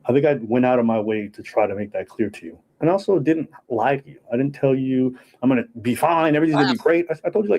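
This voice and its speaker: A man recounting a relationship conflict in a hesitant, measured way. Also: medium pitch, a little mellow, low-quality recording. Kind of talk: personal account.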